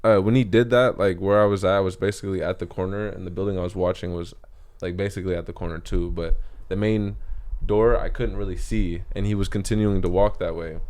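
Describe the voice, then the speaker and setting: A man's voice: low voice, steady tone, a little fast, few pauses, a little mellow. A man on a podcast, telling a work story in a rambling, slangy way. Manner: rambling, slangy, with lots of filler words. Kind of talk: casual storytelling chat.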